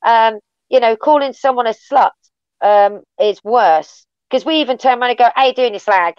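An English woman talking as an interview guest, blunt and animated, swearing freely as she tells stories. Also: fairly high pitch, normal speed, clean tone, no echo, lo-fi sound. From England. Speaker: wrestling guest. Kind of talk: casual interview chat.

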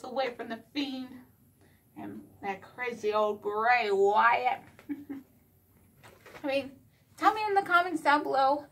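Chatty woman talking through retainers. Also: fairly high pitch. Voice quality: slightly slurred speech from wearing retainers. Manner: chatty and excited. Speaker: vlogger. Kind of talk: casual vlog chat.

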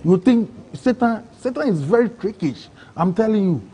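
A man with a Ghanaian English accent, telling his own story in an interview, excitable and acting out other people's words. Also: high voice, moderate pace, few pauses. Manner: excitable, acts out quoted voices, broken phrasing. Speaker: interview guest. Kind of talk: emotional personal storytelling.

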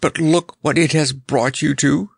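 A man's voice: a little high, steady tone, a little slow, vocal fry, breathy edge, no room sound, studio quality, pitched above the performer's own voice, heavily acted. A man voicing a timid, faltering storybook lion. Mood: anxious. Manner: faltering, gloomy, choked. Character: timid, tender-hearted male lion, anxious.

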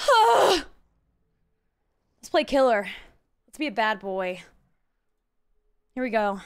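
A young woman streaming a game, chatting casually with her viewers in excitable bursts. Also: medium pitch, a little slow, smooth. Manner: chatty, talks to chat, excitable exclamations. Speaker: live streamer. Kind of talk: casual live-stream chat.

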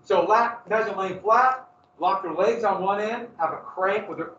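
A male history teacher lecturing to his class, bringing the story to life and throwing questions at the room. His voice sits high for a man and is picked up from a distance in a roomy classroom, with a dull, muffled sound. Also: moderate pace, fairly bright tone.

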